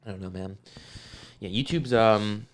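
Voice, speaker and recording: A man co-hosting a casual podcast, talking in an animated, sarcastic and profane way and often laughing. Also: lowish voice, a little slow. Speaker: podcast co-host. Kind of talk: casual chat.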